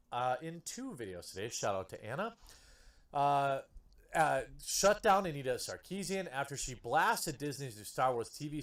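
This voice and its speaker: A man's voice: medium pitch, fairly bright tone. A man in a played video, giving scripted news-style commentary with a sarcastic edge. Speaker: YouTube commentator.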